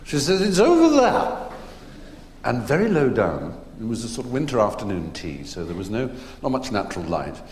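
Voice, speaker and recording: A man with a very low voice spins theatre anecdotes as an unhurried raconteur on stage, pausing on ums and restarts. The sound comes from a large hall with a long, roomy tail of reverb. A faint hum sits underneath. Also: very animated. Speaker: stage conversation guest. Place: theatre stage before a live audience.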